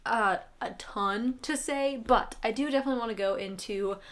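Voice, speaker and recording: A woman's voice: a little high, a little fast. A woman book vlogger in casual chat, rambling and emotional, leaning heavily on filler words. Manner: rambling, emotional, heavy use of "like".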